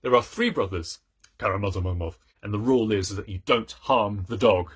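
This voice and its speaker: In a casual book chat on his channel, a man in his thirties gets theatrical and self-mocking. He speaks at a moderate pace in a lowish voice with a breathy edge.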